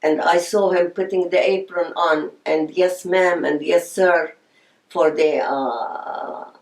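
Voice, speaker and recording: A woman's voice: fairly low pitch, fairly even intonation, takes it slowly, gravelly. An older woman, telling her life story in an oral history interview. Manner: reminiscing, storytelling with quoted voices. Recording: echoey room.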